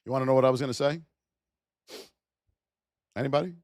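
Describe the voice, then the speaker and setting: A man's voice: mid-range voice, brisk, darkish tone, no room sound, studio quality. A man hosting a live trading stream in a blunt, chatty way, telling stories, reading out price levels and calling out to viewers by name.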